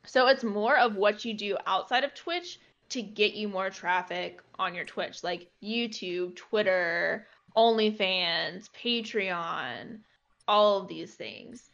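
A woman's voice: medium pitch, slow, gravelly, fairly bright tone, highs cut off. A young woman streamer in casual chat, talking loosely with many fillers. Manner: chatty, lots of "like" fillers.

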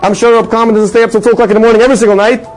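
A man telling a religious story with a moral in an animated sermon style, his voice rising for the dramatic lines. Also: very high-pitched, racing, soft background music, low-quality recording. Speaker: storyteller teaching a religious lesson.

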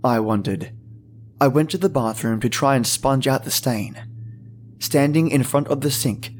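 A man hosting a podcast, reading a horror story slowly and quietly after a friendly, chatty welcome. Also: medium pitch, slight background noise. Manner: friendly, chatty intro, then slow hushed reading. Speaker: podcast host and narrator. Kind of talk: scripted horror story narration. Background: faint music.

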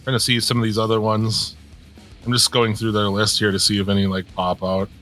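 A man's voice: lowish voice, monotone, fairly quick, bright, forceful tone, soft background music. A man co-hosting a podcast in casual chat, blunt and opinionated, swearing often. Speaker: podcast co-host.

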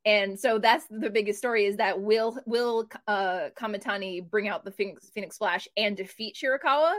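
A woman co-hosting a casual wrestling preview, talking in an animated storytelling way. Her voice sits at an ordinary middle pitch, and she fills her sentences with "um" and "like" as she recaps the rivalries. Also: normal speed. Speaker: wrestling podcast co-host.

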